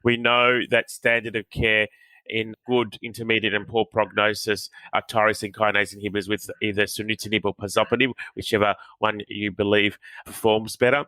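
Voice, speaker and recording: A man's voice: lowish voice, level tone, normal speed, pushed and bright, dry recording, poor audio. A man, an oncologist, explaining trial data in a matter-of-fact way in a roundtable discussion.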